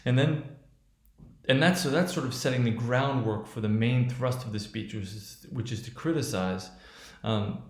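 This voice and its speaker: A man gives a lecture that breaks down how a speech is built and delivered. He stops and restarts often and keeps asking "right?" as he goes. His voice is mid-pitched, and the recording has a roomy echo. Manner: halting, with many restarts and fillers; checks in with "right?". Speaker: teacher.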